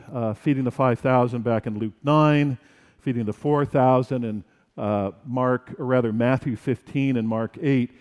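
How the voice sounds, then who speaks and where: Brief: slow, deliberate male pastor, slightly high voice, sermon with lively acted bits, long church reverb. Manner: animated, acts out disciples' fright.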